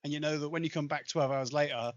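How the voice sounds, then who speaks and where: A man as guest in a casual podcast chat, talking fast and repeating himself as he tells anecdotes. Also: fairly high pitch, fairly even intonation, no echo. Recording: dry, dull lo-fi audio.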